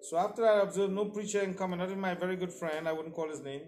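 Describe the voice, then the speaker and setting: A man tells his testimony from the pulpit, and his voice sits a little high for a man. He tells it as a story and acts out the other people in it. The sound is roomy, and faint music plays under him. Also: steady tone, racing, a little mellow. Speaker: preacher giving testimony. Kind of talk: sermon testimony. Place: church service.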